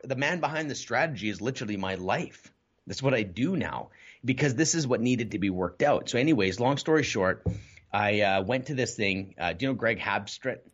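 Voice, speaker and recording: A man telling his personal story in a candid interview, animated and lively. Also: medium pitch, breathy edge, highs cut off. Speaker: podcast guest.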